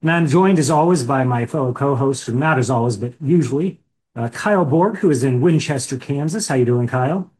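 A man's voice: medium pitch, fairly quick, darkish tone. Joking man hosting a podcast. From Indiana. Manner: joking, rambling with restarts. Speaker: podcast co-host. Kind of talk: casual chat.

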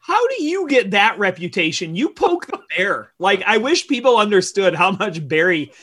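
A man co-hosting a podcast, a pastor who keeps cutting in with playful, teasing jokes. His voice is high and strikingly bright, jumping around a lot in pitch. He sounds quick and animated. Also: husky. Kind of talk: casual podcast chat.

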